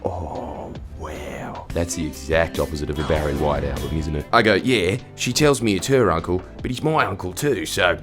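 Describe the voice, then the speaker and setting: Hosting the video, an Australian man reads out stories and reacts with sarcastic jokes, now and then breaking into loud, squeaky outbursts. He talks fairly quickly with few pauses, and music plays in the background.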